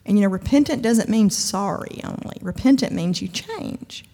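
A woman's voice: mid-range voice, lively intonation, moderate pace, mellow. A woman giving a conversational, emphatic sermon-style talk at a church event, with humor and frequent asides. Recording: long hall reverb.

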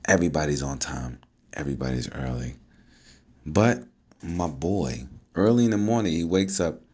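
A man, a father, talking casually to camera, telling stories with swearing and frequent laughs. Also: low voice. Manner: animated storytelling, swearing, laughs often. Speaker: vlogger, father.

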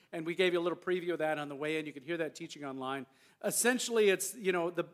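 A male pastor preaching a conversational sermon with casual asides and restarts in a church sanctuary. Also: a little high.

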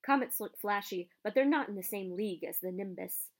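A woman's voice: medium pitch, a little fast, lightly acted. A woman reading aloud, voicing a cheeky, envious schoolboy in a raised, boyish voice.

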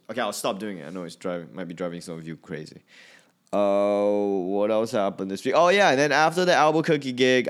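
Deep-voiced rambling comedian. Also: male voice. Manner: rambling, self-deprecating, full of restarts. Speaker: stand-up comedian. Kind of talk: casual monologue.

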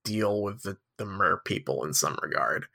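Rambling man with a lively voice. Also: low voice, moderate pace, vocal fry. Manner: rambling, filler-heavy, jokey. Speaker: podcast co-host. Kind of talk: casual chat.

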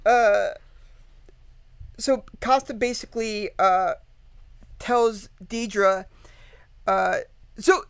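A woman's voice: a little high, clear, resonant tone, no echo. A woman guest casually retelling a true-crime story, rambling with lots of fillers, laughing and swearing. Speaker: podcast guest.

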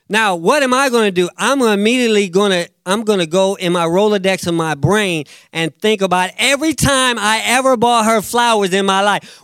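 A man preaching a sermon as pastor, animated, acting out quotes and swinging between loud bursts and hushed asides. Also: high-pitched, normal speed, clean tone, no echo, clean studio sound. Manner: animated, acts out quotes, jumps loud and soft.

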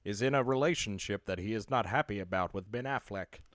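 A man's voice: fairly low pitch, fairly quick, a bit bright, no room sound, studio quality. A man co-hosting a podcast in casual comedic chat, joking and laughing often as he riffs on bits. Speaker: podcast co-host.

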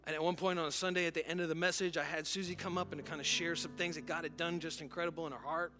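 A man's voice: on the high side, steady tone, rapid-fire. A middle-aged male pastor preaching a sermon in an earnest way, often repeating words and restarting. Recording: music playing softly behind.

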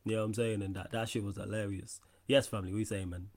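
Laid-back podcast host. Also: male voice, on the low side, level tone, fast, a little mellow. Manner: laid-back, slangy, runs the show rundown. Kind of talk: casual football podcast chat.

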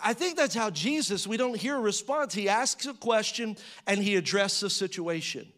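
A pastor with a high-pitched voice preaches a sermon conversationally, firing rhetorical questions at listeners and acting out prayers and quotes, his pitch and volume rising as he does. He's expressive, with a moderate pace and a fairly bright tone.

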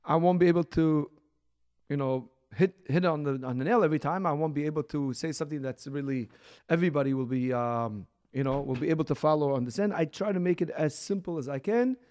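Brief: male teacher, fairly high voice, loose conversational lesson, drops Hebrew terms, restarts often, slows and lifts to stress key words. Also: darkish tone. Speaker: rabbi teaching a Torah class. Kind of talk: recorded religious lesson.

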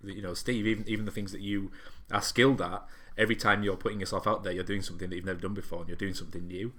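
Deep-voiced man musing out loud. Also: flat delivery. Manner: reflective, halting, with many restarts and ums. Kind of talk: casual chat.

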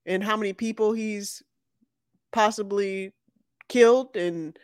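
A podcast co-host in casual chat, talking haltingly with many restarts. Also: medium pitch, steady tone, dry recording. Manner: hesitant, stumbling restarts, slow.

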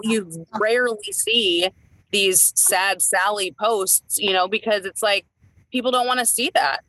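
Brief: woman, 30s, co-host, bright forceful voice, rambling casual delivery, dry room. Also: medium pitch, no echo, low-quality recording. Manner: chatty, rambling with many fillers and restarts. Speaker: podcast co-host, entertainer. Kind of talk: casual chat.

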